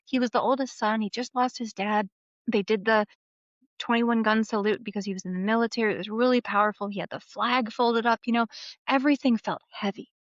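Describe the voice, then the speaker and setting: A woman in her thirties, a guest on a podcast, telling a family story in an animated, casual way. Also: fairly high pitch, fairly quick, dry recording. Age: 30s. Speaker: podcast guest, memoir author. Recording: dull lo-fi sound, dry.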